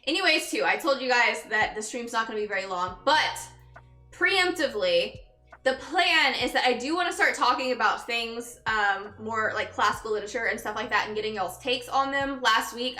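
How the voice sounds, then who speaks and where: A woman's voice: on the high side, pushed and bright. A young woman streaming live, chatting casually with viewers, greeting them by name and sounding exhausted. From Texas. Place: her bedroom. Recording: echoey room with background music.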